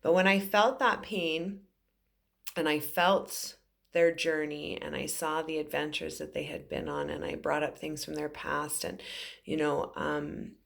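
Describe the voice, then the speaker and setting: A woman's voice: low-pitched, expressive, unhurried, creaky, fairly bright tone. A woman in her forties, a psychic medium, telling an emotional story to camera in an earnest, rambling way with many fillers. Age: 40s.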